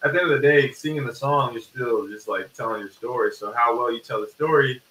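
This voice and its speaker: Bright-voiced man talking far from the mic. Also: medium pitch, fairly quick. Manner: relaxed, reflective, uses many fillers like "like" and "you know". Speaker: music producer. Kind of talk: casual interview chat. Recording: roomy, distant mic with faint hiss.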